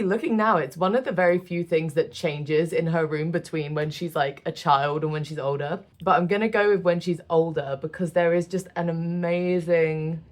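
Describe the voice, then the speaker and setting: Young British woman with a lowish voice, casual game commentary, chatty and self-mocking. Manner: chatty, self-deprecating, laughs often. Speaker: gaming creator.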